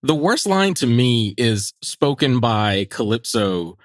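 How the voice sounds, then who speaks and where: A man's voice: mid-range voice, takes it slowly, no room sound, clean studio sound. A man co-hosting a movie podcast, talking casually and animatedly, laughing as he mocks lines from the film. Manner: animated, laughing, mocking quotes. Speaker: podcast co-host. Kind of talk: casual movie review chat.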